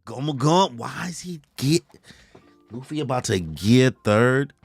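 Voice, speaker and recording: A young man reacting live to a comic chapter, reading its lines aloud in slangy, animated casual talk and laughing often. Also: medium pitch, measured pace, creaky, husky, dry recording, faint music behind. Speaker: streamer reacting to a manga chapter.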